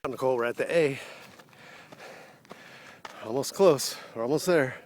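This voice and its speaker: A man's voice: medium pitch, unhurried, darkish tone. A winded man talks into a handheld camera while hiking uphill outdoors, his breath heavy between phrases. He jokes and cheers his partner on in loose running commentary. Faint outdoor noise sits behind his voice. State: out of breath from climbing. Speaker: vlogger filming a hike.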